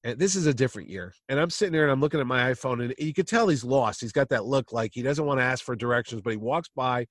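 A man's voice: medium pitch, fast talker, few pauses. A man hosting a podcast, telling anecdotes in casual chat and acting out the voices of people he met. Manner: animated anecdote teller who acts out voices. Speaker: podcast host.

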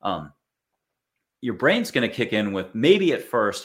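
A man's voice: fairly low pitch, very animated, unhurried, fairly bright tone. A man from the United States giving a casual spiritual talk to an audience, chatty and acting out little quoted voices. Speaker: spiritual speaker.

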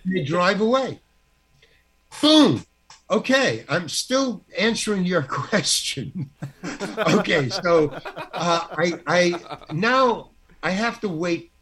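An older man, an actor guest, telling an anecdote in an animated, self-deprecating way and acting out the dialogue. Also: sits high, slow pace, slightly rough. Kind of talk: anecdotal storytelling.

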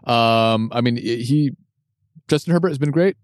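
A man's voice: mid-range voice, unhurried, no room sound, clean studio sound. A man co-hosting a casual sports chat, giving his opinions hesitantly, with restarts, repeated words and lots of "I mean". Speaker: podcast co-host.

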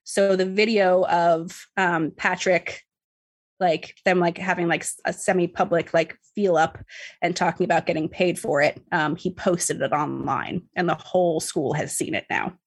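A woman's voice: fairly low pitch, steady tone, moderate pace. A woman casually recapping a story to a co-host, chatty, full of fillers and swearing. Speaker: podcast host recapping a book. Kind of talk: casual chat.

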